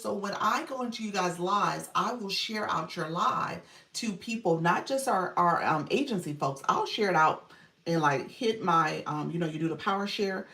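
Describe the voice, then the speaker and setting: A woman's voice: mid-range voice, bright, forceful tone. A woman coaching on a live stream, chatting casually, greeting viewers and laughing often. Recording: echoey room, voice distant from mic.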